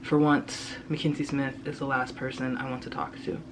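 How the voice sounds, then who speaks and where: Young man, student reader, reading his fiction aloud, steady, low-key delivery. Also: moderate pace, heavy background noise. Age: young adult.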